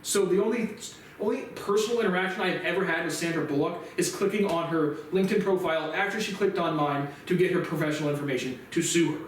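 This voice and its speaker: A man's voice: on the high side, fast, slight background noise. A man hosting his own series, delivering an angry, profane, bitter rant. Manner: ranting, heavily profane, bitter. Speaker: host of a personal legal series. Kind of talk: angry monologue to camera. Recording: very echoey room, far from mic.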